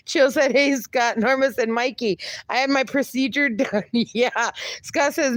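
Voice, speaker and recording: A woman with a slightly high voice talks a little slowly, with no room sound. Hosting a casual livestream, she reads viewer comments aloud and teases them, laughing frequently.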